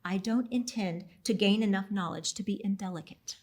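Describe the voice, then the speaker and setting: A woman reading aloud, giving the lines of a flustered, eager young modern woman with a chatty, excited manner. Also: medium pitch, moderate pace, background noise, lightly acted. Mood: playful.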